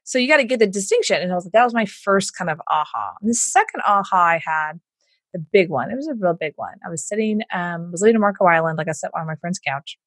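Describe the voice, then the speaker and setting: A woman from the States, telling her story in an interview in an animated way, acting out what others said and laughing often. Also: on the low side, fast talker, dry recording. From Southern United States. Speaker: entrepreneur guest.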